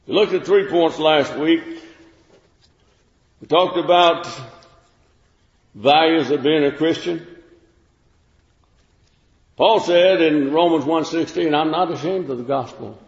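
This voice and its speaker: A man preaching a sermon in a folksy, unhurried way, with fillers and restarts. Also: a little high. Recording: echoey room with long reverb, dull lo-fi sound.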